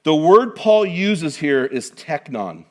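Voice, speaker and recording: A middle-aged man preaching a sermon to a congregation in an energetic, conversational way, with joking asides. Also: on the high side, slow pace. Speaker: guest preacher.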